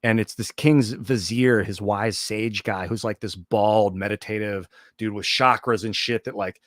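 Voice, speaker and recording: A man's voice: fairly low pitch, fairly even intonation, unhurried, a bit bright, dry recording, clean studio sound. A man hosting a livestream, telling a long story in a loose, profane, rambling way with many restarts. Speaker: livestream host.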